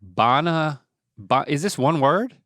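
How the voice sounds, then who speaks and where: A middle-aged man, hosting a casual podcast with lively, laughing, mock-exasperated reactions. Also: a little high, slow, dry recording, studio quality. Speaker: podcast host.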